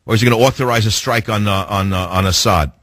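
A man's voice: fairly low pitch, fast, fairly bright tone, no echo. A man hosting a political talk radio show, combative and sarcastic, firing off rhetorical questions.

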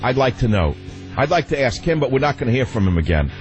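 A man's voice: big pitch swings, fast, lo-fi sound, soft background music. A man hosting a radio talk show, delivering a sarcastic, ranting monologue. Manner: sarcastic, ranting, sweeping pitch swings.

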